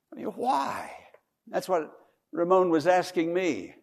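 A man preaching a sermon as a pastor, moving from hushed tones to loud pleading and repeating words. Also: sits high, huge pitch swings, takes it slowly, creaky.

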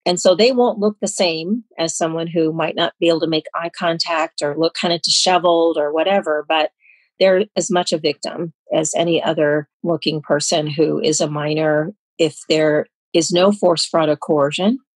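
A woman with a somewhat low voice answers interview questions in an earnest, explanatory manner. She stops now and then to make sure her point is understood. The recording is dry and close. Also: steady tone, moderate pace, no room sound, low-quality recording. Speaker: anti-trafficking expert guest.

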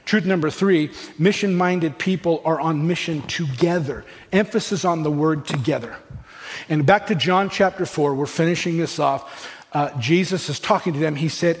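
A man's voice: a little high, moderate pace. Man preaching in a reverberant hall. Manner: conversational preaching, acting out everyday dialogue. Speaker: pastor. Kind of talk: sermon. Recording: long hall reverb with faint music.

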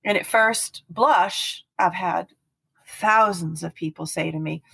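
A woman's voice: on the low side, slow pace, creaky, husky, dry recording. Earnest woman telling a personal story. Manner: earnest, animated storyteller who acts out quotes. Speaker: guest speaker on partner abuse. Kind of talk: casual podcast conversation.

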